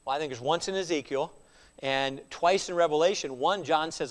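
Male pastor, conversational sermon, higher voice, big echoing sanctuary. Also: expressive, moderate pace. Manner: emphatic, conversational, with repeated restarts. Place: church sanctuary.

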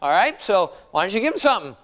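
Animated man preaching in a reverberant hall. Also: sits high, quick pace. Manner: animated, conversational, with frequent chuckles and rhetorical asides. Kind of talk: sermon.

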